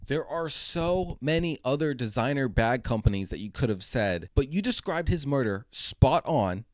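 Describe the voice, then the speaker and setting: A man's voice: medium pitch, expressive, normal speed, hardly any pauses, a little mellow, dry recording, studio quality. A man hosting a commentary video, talking bluntly and sarcastically. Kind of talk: opinionated commentary.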